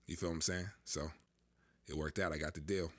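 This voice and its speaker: A man's voice: a bass voice, fairly quick. A young man casually telling a long personal story, acting out what other people said to him. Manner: animated, acts out dialogue with others.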